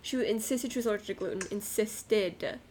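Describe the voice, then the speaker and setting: A woman's voice: mid-range voice, brisk, darkish tone, slight background noise. A woman co-hosting a podcast, chatting casually and telling a rambling story with fillers. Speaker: podcast co-host. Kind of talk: casual chat.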